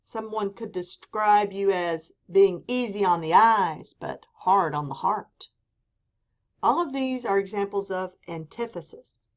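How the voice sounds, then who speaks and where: A woman teaches a lesson at an unhurried pace, her voice sitting in a middle range. She reads out examples slowly and with emphasis, one clear point after another. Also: medium pitch. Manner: slow, deliberate delivery with quoted examples read for emphasis. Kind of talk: classroom lecture.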